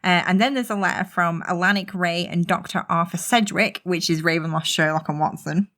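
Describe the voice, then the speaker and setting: A woman's voice: fairly low pitch, brisk, fairly bright tone. A woman co-hosting a podcast in casual chat, talking through a book and laughing often. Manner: chatty, laughs often, reads excerpts aloud. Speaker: podcast co-host.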